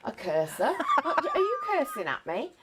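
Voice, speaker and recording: A woman's voice: sits high, wildly swooping pitch, moderate pace, very noisy, voice pushed up. A woman voicing a muddled lady caller to a help line, squealing in confusion. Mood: baffled.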